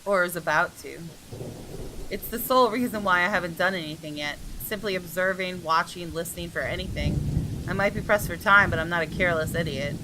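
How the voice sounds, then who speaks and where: A woman's voice: fairly low pitch, a little fast, background noise, close to an everyday voice. A woman reading aloud the first-person narration of a tense young man in a visual novel, in her own voice without putting on another.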